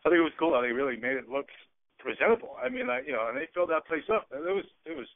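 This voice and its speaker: A man's voice: on the high side, big pitch swings, vocal fry. A man co-hosting a sports radio show, rambling about hockey and stumbling over his words. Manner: fast, rambling, stumbles and self-corrects. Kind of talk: casual sports radio chat. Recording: phone-like narrow band.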